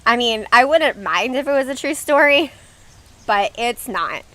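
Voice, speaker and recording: A woman's voice: fairly high pitch, expressive, unhurried, a bit bright, slight background noise. A young woman hosting a casual game livestream, chatting with viewers and reading their comments aloud. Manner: chatty and giggly, reads out chat comments. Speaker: livestream host.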